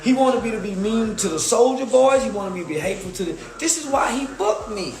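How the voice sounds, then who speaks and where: A man creating content, ranting in a loud, repetitive and profane way in a hyped livestream style. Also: sits high, animated, fairly quick, vocal fry, few pauses, reverberant, poor audio.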